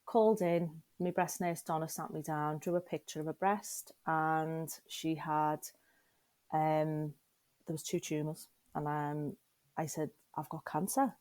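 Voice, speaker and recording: A woman's voice: deep voice, little pitch movement, measured pace, a little mellow, no echo. A middle-aged woman frankly and emotionally telling her personal story as a podcast guest, often turning to the listener with questions.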